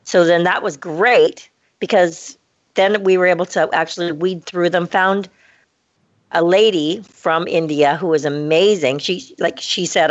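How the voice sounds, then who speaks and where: This woman, a podcast co-host, tells a story at normal speed, bringing it to life by acting out each quoted line. The low-fi recording sounds dull and dry, with no room sound.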